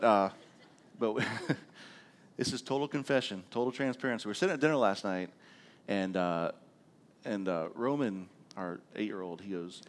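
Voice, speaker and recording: Middle-aged man, a pastor preaching a sermon: casual, self-deprecating, stories broken up with frequent check-ins. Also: lowish voice.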